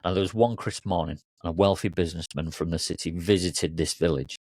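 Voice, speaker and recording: A man coach telling a story in a relaxed, loose way with occasional fillers. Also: low voice, fairly quick, no echo. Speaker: coach and podcast host. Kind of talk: casual storytelling.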